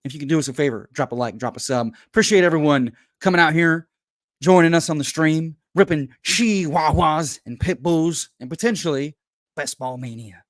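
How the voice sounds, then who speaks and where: A man hosting a casual livestream from home, hyped and folksy, who keeps calling people brother and bursts into loud pep talks. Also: on the high side, moderate pace, no echo, clean studio sound. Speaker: host.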